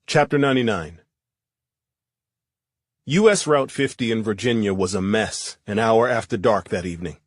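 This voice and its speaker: A man narrating a first-person thriller audiobook in a steady, measured reading. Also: fairly low pitch, dry recording, studio quality.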